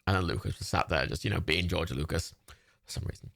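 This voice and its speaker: A man's voice: sits low, quick pace, vocal fry, a bit bright. A man, hosting a livestream and giving casual, rambling watch-party commentary. He swears freely and laughs often. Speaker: livestream host.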